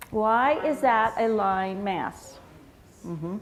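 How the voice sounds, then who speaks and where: A woman teaching flower arrangement at a live seminar, explaining slowly with fillers and restarts. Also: medium pitch. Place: convention hotel meeting room.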